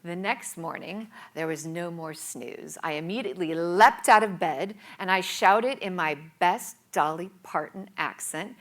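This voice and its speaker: A woman's voice: fairly low pitch, a little slow, few pauses, a bit bright. A woman giving a scripted storytelling talk, in a dramatic, playful delivery with whispered asides. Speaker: speaker.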